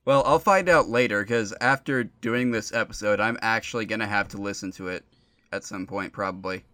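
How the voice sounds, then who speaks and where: A young man co-hosting a podcast, talking in a relaxed, dry way with many fillers. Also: on the low side, brisk. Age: young adult. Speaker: podcast co-host. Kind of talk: casual podcast banter.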